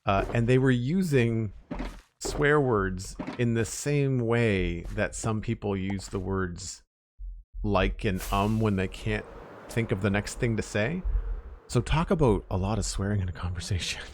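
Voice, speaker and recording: Low-voiced man chatting on a game stream. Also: measured pace, slight background noise. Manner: rambling, chatty, with fillers and self-corrections. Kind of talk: casual live-stream chat while playing.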